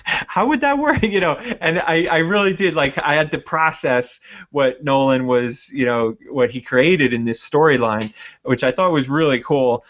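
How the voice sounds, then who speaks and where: A man's voice: mid-range voice, steady tone, normal speed, fairly bright tone. Reflective man, dull lo-fi sound. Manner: reflective, searching for words. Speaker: podcast co-host. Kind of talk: casual movie review chat.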